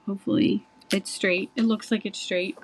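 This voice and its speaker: A woman with a mid-range voice demonstrates how to make a greeting card, chatting enthusiastically as she works with her hands. Her intonation is fairly even and her speed normal, though the recording is rough. It's a casual craft tutorial.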